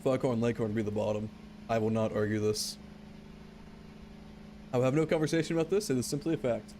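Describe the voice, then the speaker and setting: A man's voice: medium pitch, fairly quick, mellow, slight background noise. A man streaming a game, rambling and joking back and forth with his chat. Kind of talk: casual gameplay commentary.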